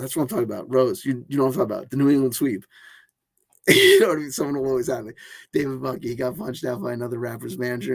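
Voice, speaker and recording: A man with a gravelly, creaky voice talks in a loose, filler-heavy ramble, restarting his sentences as he goes. He sounds close to the mic in a dry room with no echo. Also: medium pitch, warm tone. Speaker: tarot channel host. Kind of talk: rambling casual monologue.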